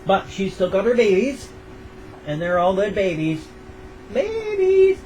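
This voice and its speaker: A man's voice: sits high, normal speed, a little hiss or hum. An older American man rambling in a casual daily vlog, tender and repetitive as he talks about his pets. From United States. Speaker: vlogger.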